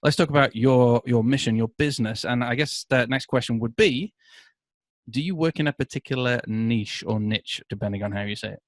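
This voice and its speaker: A man from the United Kingdom hosting a podcast interview in a casual, chatty way, quick to laugh and enthusiastic. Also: medium pitch, dry recording. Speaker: podcast host.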